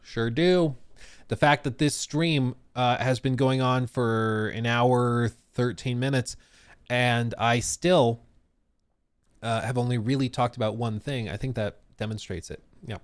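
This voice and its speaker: A man's voice: mid-range voice, fairly even intonation, a little slow, no echo. A man hosting a casual live stream, chatting in a rambling, self-deprecating way with lots of fillers. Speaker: streamer and games reviewer. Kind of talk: casual live-stream chat, reading out chat comments.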